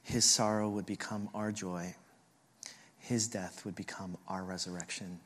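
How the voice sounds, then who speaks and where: A man preaching a sermon, telling a family story and acting out the voices of his relatives with lively energy. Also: low-pitched, measured pace, long reverb tail. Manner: animated storyteller who acts out family voices. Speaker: pastor.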